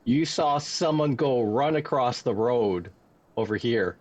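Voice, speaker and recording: A man running a tabletop game as dungeon master, calmly describing the scene step by step. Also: mid-range voice, measured pace.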